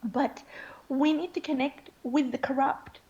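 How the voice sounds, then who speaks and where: A woman's voice: high voice, fairly even intonation, unhurried, darkish tone, lo-fi sound. A woman speaking in an interview, earnest and impassioned, often checking in with "okay?". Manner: earnest, keeps asking "okay?". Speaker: interview guest.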